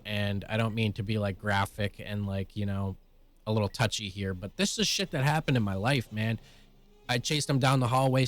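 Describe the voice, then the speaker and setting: A young man telling a personal story in blunt, profane, rapid-fire language. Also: mid-range voice. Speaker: vlogger.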